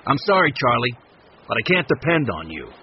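A man reading an audiobook, voicing a blunt, demanding fish buyer who speaks loudly. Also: mid-range voice, sing-song, moderate pace, muffled recording, slight background noise, lightly acted.

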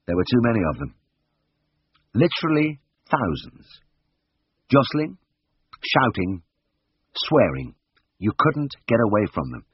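Male audiobook narrator, low and husky, wry storyteller, dull dry recording. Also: no room sound. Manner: wry, expressive storytelling with voiced dialogue. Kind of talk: audiobook reading of a memoir.

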